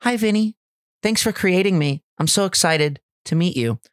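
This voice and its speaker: A man's voice: high voice, animated, normal speed, fairly bright tone, voice pushed up. A man voicing a cute, eager young female AI girlfriend chatbot. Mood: sweet. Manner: sweet, upbeat, eager.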